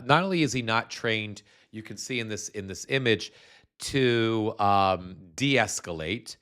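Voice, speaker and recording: A man hosting a live stream, talking bluntly and scornfully, with many restarts as he explains things at his computer. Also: medium pitch. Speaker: show host.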